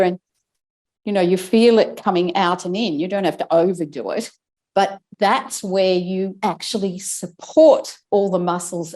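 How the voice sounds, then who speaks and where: A woman with a mellow, warm tone explains breathing and speaking technique as an interview guest. She talks in a relaxed, explanatory way, demonstrating pauses and stress as she goes. Her phrases often break off and restart mid-thought. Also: lowish voice. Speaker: guest, speech and accent coach. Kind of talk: conversational interview.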